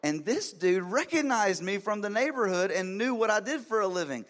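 A man in his thirties preaching a sermon in church, telling a story with lively swings from hushed lines to loud, emphatic ones. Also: high voice, normal speed. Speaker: pastor.

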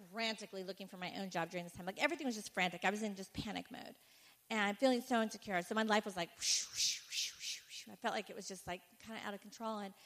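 A woman speaker giving an animated personal testimony to a conference audience, full of "like" fillers. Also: mid-range voice. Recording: echoey hall reverb.

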